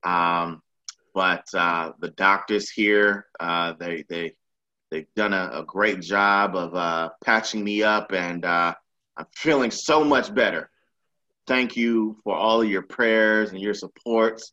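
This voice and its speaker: A man putting on a slow, halting impression of an older male politician who keeps insisting he feels better, full of ums and pauses. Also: low-pitched, fairly even intonation, sharp tone, dull audio, voice pushed down, heavily acted. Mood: falsely cheerful.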